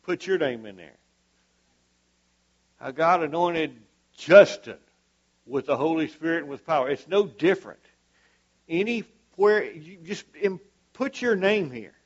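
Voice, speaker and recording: A man's voice: fairly high pitch, expressive, unhurried, long pauses, muffled recording. A man preaching a sermon to a church congregation, fervent and emphatic, repeating his points for weight.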